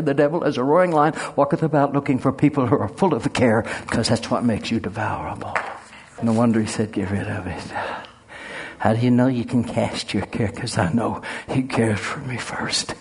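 Husky middle-aged male preacher. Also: medium pitch, brisk, darkish tone. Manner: folksy and conversational, swelling to fervent emphasis. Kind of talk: sermon with spoken prayer.

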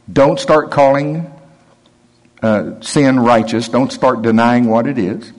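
A male preacher giving a sermon, talking in a conversational, emphatic way and dropping his voice low when he quotes. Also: animated, takes it slowly.

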